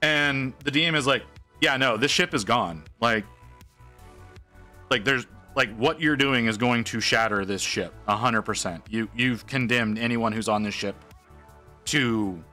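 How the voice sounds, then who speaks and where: A man casually telling an animated, wry story while painting on a stream, with lots of restarts. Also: mid-range voice, measured pace, faint music behind.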